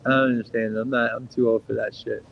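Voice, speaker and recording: A man's voice: mid-range voice, level tone, quick pace, vocal fry, muffled recording. A middle-aged man co-hosting a casual podcast, rambling and profane, with lots of "like" fillers. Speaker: podcast co-host.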